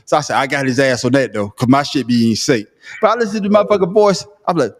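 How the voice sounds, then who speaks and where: A man with a country Southern accent, co-hosting a casual podcast chat, talking in a profane, animated, self-mocking way with frequent laughter. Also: a little high, brisk. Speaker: podcast co-host. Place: remote call.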